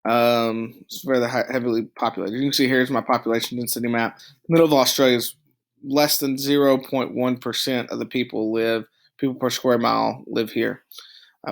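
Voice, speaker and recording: A male teacher walks through his slides in a loose, halting way, stopping for ums and restarting his sentences. His voice has a gravelly, creaky edge and sits at an ordinary pitch for a man. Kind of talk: recorded classroom lecture over slides.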